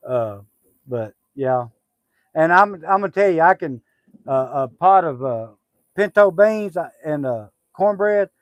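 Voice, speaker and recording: A man's voice: fairly high pitch, expressive, a little slow, dry recording, muffled recording. A middle-aged man, chatting casually on a homestead livestream, rambling with lots of fillers and restarts. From Southwest Arkansas.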